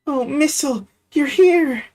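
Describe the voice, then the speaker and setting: A man's voice: extremely high pitch, a little slow, darkish tone, faint music behind, voice pushed up. A man voicing a sweet, cheerful little girl in a game read-through, speaking in a chirpy, childlike way.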